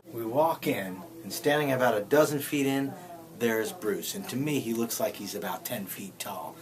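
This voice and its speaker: A man's voice: medium pitch, moderate pace. A man from New Jersey telling a personal story in a wry, self-mocking way. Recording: handheld camera with loud vehicle noise.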